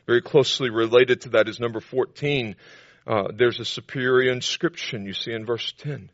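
Gravelly-voiced man preaching emphatically. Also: steady tone, moderate pace, dry recording, dull audio. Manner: preaching with emphatic rises to loud high declarations. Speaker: pastor. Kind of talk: sermon.

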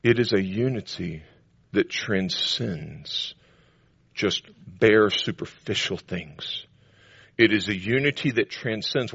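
A man preaching a sermon to a congregation, building to loud, emphatic declarations between calmer teaching passages. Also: low voice, unhurried, vocal fry, slightly rough, no echo, dull audio. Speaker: pastor.

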